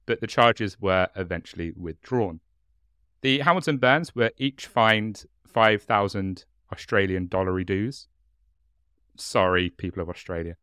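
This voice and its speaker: A man with a southern English accent hosts a casual podcast in a lowish voice. He reads through notes with a chatty, joking delivery, padding with ums and laughing along. The sound is close and dry. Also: sharp tone, clear, resonant tone, dry recording. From England. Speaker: podcast host.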